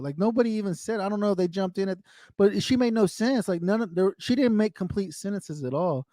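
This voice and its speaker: A man's voice: high voice, fairly quick, dark tone, no echo, clean studio sound. An American man hosting a casual livestream, ranting with profanity and answering viewer comments in a frustrated tone. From United States. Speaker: livestream host.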